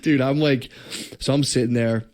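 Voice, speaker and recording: A young man co-hosting a podcast, telling a story in a rambling, profane, excitable way. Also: mid-range voice, moderate pace. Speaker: podcast co-host. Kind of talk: casual podcast chat.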